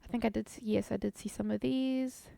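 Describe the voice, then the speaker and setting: A woman's voice: a little high, steady tone, a little fast, gravelly, mellow, no echo. A woman streaming a game live, chatting casually with her viewers, swearing freely and laughing often.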